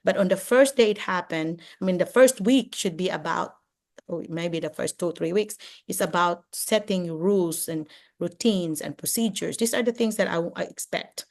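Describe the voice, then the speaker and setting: An older woman from the Philippines, a retired teacher giving lively advice on a video call, acting out classroom exchanges. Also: fairly low pitch, moderate pace. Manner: animated, acts out classroom exchanges, many "you know"s. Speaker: retired teacher and administrator, guest speaker.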